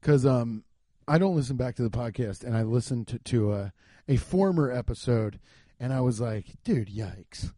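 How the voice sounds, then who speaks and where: A young man hosting a casual solo podcast, rambling and swearing, swinging from muttering to loud outbursts. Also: mid-range voice, normal speed, no room sound. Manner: loose, profane, rambling with frequent swearing; animated, jumps between muttering and loud outbursts. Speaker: podcast host. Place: home garage.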